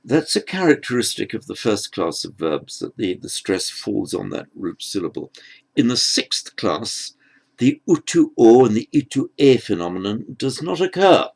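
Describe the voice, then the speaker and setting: A man teaching Sanskrit grammar in an unhurried lecture, patient and halting, often restarting his phrases. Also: lowish voice, sing-song, vocal fry, husky.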